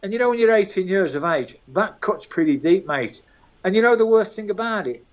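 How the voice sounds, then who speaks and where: A man in his sixties from Birmingham, telling animated, self-mocking stories as an interview guest. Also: sits high, fairly quick, highs cut off. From England, Birmingham. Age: 60s. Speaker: guest, former footballer. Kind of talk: storytelling interview.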